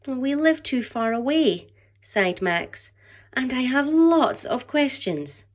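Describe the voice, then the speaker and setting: A woman reading aloud as an excited, cheeky six-year-old boy who writes letters to a dinosaur. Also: sits high, slow, pitched above the performer's own voice, exaggerated voice. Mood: eager. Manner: bright and eager, reading a child's letter aloud.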